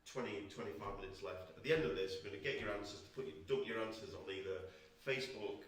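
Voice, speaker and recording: A man's voice: fairly low pitch, fast. A man, a church pastor, hosting a quiz in a casual, jokey, teasing way during an online church chat. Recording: echoey room, voice picked up from a distance.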